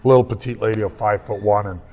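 A man's voice: on the low side, rapid-fire. A man in his fifties, a guest telling emotional stories in an interview. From Canada. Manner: emotional, lively storyteller. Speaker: guest, hockey analyst. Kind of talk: storytelling interview.

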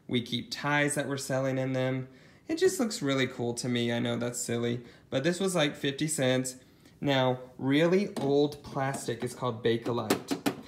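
Guy showing off his thrift finds, chatty and rambly, um-ing a lot. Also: medium pitch. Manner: chatty and rambling, with many ums and asides. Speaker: thrift reseller showing a haul. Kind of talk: casual haul vlog chat.

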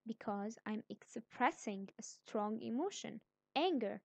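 A woman's voice: a little high, expressive, measured pace, creaky, dry recording. A woman teaching a grammar lesson, explaining patiently step by step. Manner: patient, explains step by step, then acts out example sentences.

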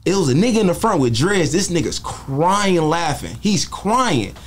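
A young man with a Bay Area accent, talking in an easy, slang-filled way as a comedy guest. His voice sits slightly high for a man, and he drifts through his stories at a relaxed pace. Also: moderate pace, a little hiss or hum. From Bay Area, California. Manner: laid-back storytelling with slang. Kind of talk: casual interview chat.

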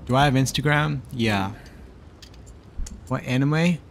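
A man's voice: mid-range voice, slow pace, vocal fry. A man streaming live, chatting casually and teasing back and forth with his viewers. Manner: bantering with chat, teasing and exasperated.

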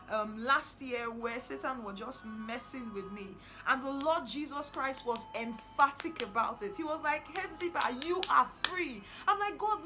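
A woman preaching a sermon, fervent and emphatic, repeating lines for stress and building to loud declarations. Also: sits high, rough recording.

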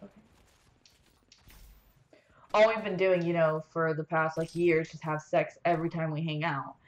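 A young woman telling a rambling, swear-heavy story while playing a video game, venting in an animated way. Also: fairly low pitch. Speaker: gaming streamer. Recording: roomy echo, faint background noise.

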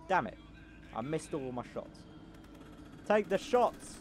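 Goofy man shouting over game gunfire. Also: on the high side, very animated, slow pace. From not American. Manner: loud, goofy, shouting repeated battle cries. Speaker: gameplay commentator. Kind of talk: casual gameplay commentary. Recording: noisy with game gunfire behind. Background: game gunfire and engine noise.

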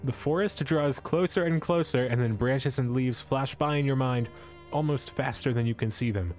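A man's voice: mid-range voice, normal speed, a little mellow, soft background music. A young man streaming live, reading an adventure story aloud and breaking off to joke with his chat. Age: young adult. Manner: playful, breaks off to joke and comment. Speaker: esports streamer.

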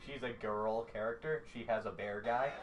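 A man's voice: lowish voice, moderate pace, over music. A man talking casually while playing a video game, full of "like" fillers. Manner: filler-heavy, says "like" often. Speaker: let's play commentator. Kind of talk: casual gameplay chat, reading game dialogue aloud.

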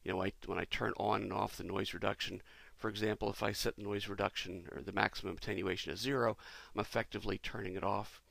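A man, a company president, talking through a product demo in a relaxed, explanatory way with frequent pauses. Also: fairly low pitch, vocal fry, dry recording. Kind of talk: casual product demo walkthrough.

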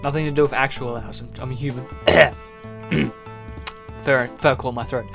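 A man's voice: medium pitch, fairly even intonation, measured pace, vocal fry, fairly bright tone, soft background music. A man reading a visual novel aloud and giving jokey, rambling commentary as he plays. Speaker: gaming video creator.

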